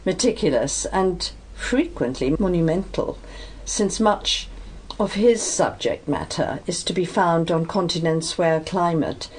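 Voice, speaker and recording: Woman radio host, low-ish voice, slow and deliberate, faint background hum. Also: expressive, darkish tone. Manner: measured, reading introduction deliberately. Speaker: radio presenter. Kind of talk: radio interview. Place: radio studio.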